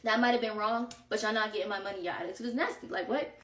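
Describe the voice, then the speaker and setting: A young woman hosting a podcast, telling a story in an animated, casual way full of slang. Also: mid-range voice, quick pace, recorded from a distance. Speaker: podcast host. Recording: roomy echo, set back from mic.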